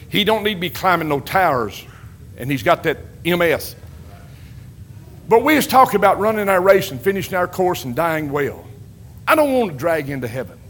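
With a fairly bright tone and a high-sitting voice, an older drawling pastor gives a folksy sermon. He leans on repeated amens and builds his lines into strong emphasis.

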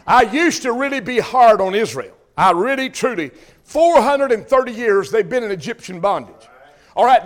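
Older preacher guy, really high voice, folksy, keeps quizzing the church folks. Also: a bit bright. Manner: folksy, calls out questions to the congregation. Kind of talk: sermon.

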